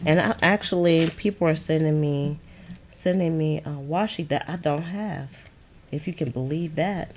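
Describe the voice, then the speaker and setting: Lady, pretty low voice, yapping with her viewers while she glues stuff at her desk, laughs a lot, bit of hiss. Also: moderate pace, a little mellow. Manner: chatty, laughs often, answers viewers' comments. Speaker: crafting channel host. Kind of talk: casual crafting livestream chat. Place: home craft desk.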